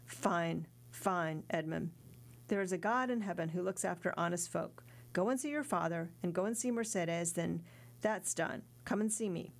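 A woman's voice: fairly low pitch, moderate pace, lightly acted. A woman reading the part of a kindly middle-aged male ship owner in an audiobook, in a fatherly, encouraging manner.

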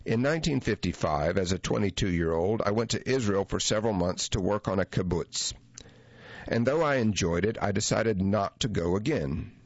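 A man with a very low voice reads a memoir as an audiobook, measured and reflective in his delivery. The recording is close and dry, with a slightly dull, muffled tone to it. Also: no echo. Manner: measured, reflective first-person reading. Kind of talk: audiobook narration of a memoir essay.

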